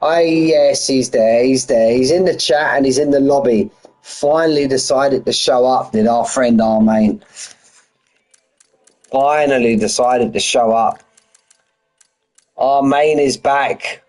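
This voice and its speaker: Unhurried male league streamer, relaxed chat with viewers, mid-pitched voice. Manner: chatty, greets viewers by name, reads standings aloud. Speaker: sim racing league streamer. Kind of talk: casual live-stream chat.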